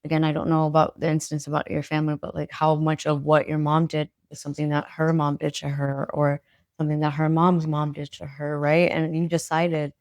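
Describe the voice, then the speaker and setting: A woman hosting a podcast talks in an even, level tone with little rise and fall. She comes across as thoughtful and affirming, adding her own reflections. The recording is close and dry, with no room sound. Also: sits low, fairly quick, no echo. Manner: affirming, thoughtful, frequent backchannel agreement. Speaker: podcast host. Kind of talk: supportive conversational interview.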